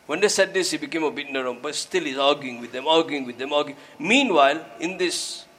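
Earnest and exhorting, this preacher tells a story and presses his listeners, his volume rising when he urges them, while dropping Urdu and Arabic religious terms into his English. He speaks briskly in a fairly high, slightly rough voice.

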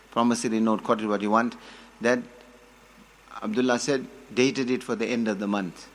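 A man giving a sermon, telling stories, quoting Arabic, and building to forceful emphasis. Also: medium pitch. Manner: storytelling, quotes Arabic, rises to forceful emphasis. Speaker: preacher.

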